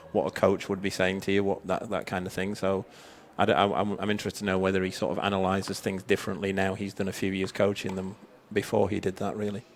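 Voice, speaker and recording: Fast-talking male tennis co-commentator. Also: sits low, slight background noise. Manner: quick, chatty, with frequent restarts. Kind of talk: sports commentary analysis.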